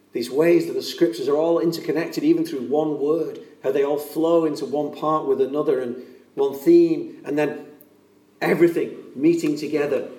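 A man's voice: fairly high pitch, warm tone. A man preaching a sermon in an earnest, emphatic way, repeating key phrases for weight. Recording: echoey room, voice from a distance.

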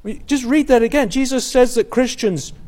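A man preaching an expository sermon, earnest, building emphasis and quoting scripture in a softer voice. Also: very high-pitched, normal speed.

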